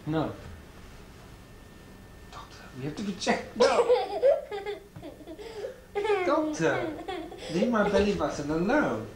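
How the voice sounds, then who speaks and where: A woman's voice: medium pitch, very animated. A woman lying in bed as a patient, teasing and giggling in playful banter at home. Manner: teasing, giggly, slow and drawn out. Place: bedroom at home. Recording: echoey room with loud background noise.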